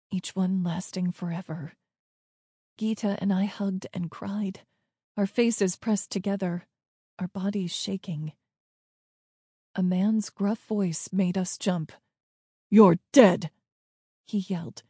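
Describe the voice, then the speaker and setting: A woman narrating a first-person story in a tense, hushed way, close to the mic. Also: mid-range voice, husky, no echo. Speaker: audiobook narrator.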